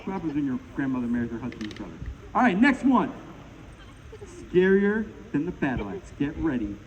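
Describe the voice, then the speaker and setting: A man's voice: a little high, big pitch swings, brisk. A middle-aged man from Maine doing a live comedy juggling show outdoors, bantering and joking with the crowd. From Maine, USA. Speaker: juggling performer. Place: outdoors at a pond. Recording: muffled outdoor recording with loud background noise.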